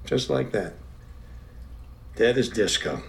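A lonely old widower. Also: male voice, on the low side, expressive, creaky, exaggerated voice. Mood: wistful. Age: older. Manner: folksy, slow and reflective.

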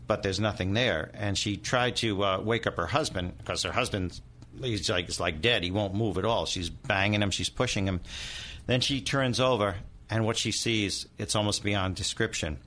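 In a lowish, fairly bright voice at a moderate pace, a middle-aged demonologist guest gives a storytelling interview. He recounts a haunting in vivid detail, dramatically acting out the voices of the people involved.

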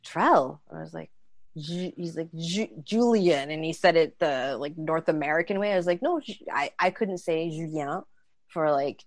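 Woman in her 30s telling a story, lively, acts out the voices, dry sound. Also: sits low, moderate pace, dry recording. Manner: animated, acts out dialogue. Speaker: storyteller guest. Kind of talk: casual storytelling.

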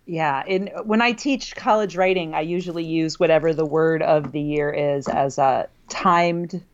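A woman's voice: low voice, unhurried, muffled recording. A woman who teaches college writing, co-hosting a casual talk and laughing often between fillers. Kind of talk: casual conversation.

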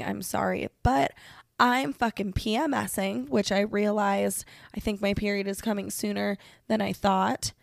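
Gravelly and mid-range, the voice belongs to a young podcast host, recorded dry at studio quality. Sick and congested, she vents alone in her bedroom, cursing, rambling, and making fun of herself.

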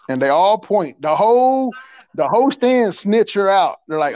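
A man telling a coaching story in a casual chat, animated and slangy, stumbling over repeated words and laughing often. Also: fairly high pitch, moderate pace. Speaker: podcast guest, assistant softball coach.

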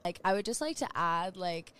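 A woman's voice: lowish voice, lively intonation, moderate pace, fairly bright tone, clean tone. A young woman talking earnestly and reflectively in a casual podcast chat, sharing advice.

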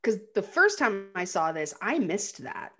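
A woman co-hosting a casual film podcast, retelling scenes with animated quotes and laughter. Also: medium pitch, measured pace, husky. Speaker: podcast co-host. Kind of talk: casual film recap chat.

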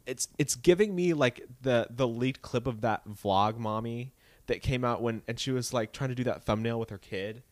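A man's voice: mid-range voice, moderate pace, darkish tone, no room sound. A young man co-hosting a podcast, chatting animatedly about celebrity gossip and mimicking people in put-on voices. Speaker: podcast co-host. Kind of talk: casual gossip chat.

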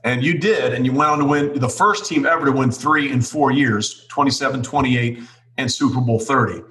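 A man's voice: medium pitch, moderate pace, bright, forceful tone, reverberant, slight background noise. A man hosting a casual interview who leads with questions and recaps facts. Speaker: podcast host.

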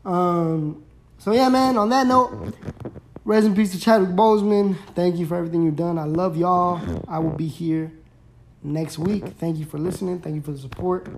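A man's voice: high voice, normal speed, gravelly, a little mellow, a little hiss or hum. A young man hosting his own podcast, chatting casually and rambling in laid-back slang. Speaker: podcast host. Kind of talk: casual solo podcast chat.

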